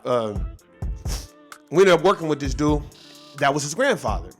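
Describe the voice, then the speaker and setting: A man's voice: a little high, expressive, normal speed, faint music behind. Man telling a rambling, profane story. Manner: loose, profane, rambling with asides. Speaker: vlogger. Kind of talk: casual storytelling monologue.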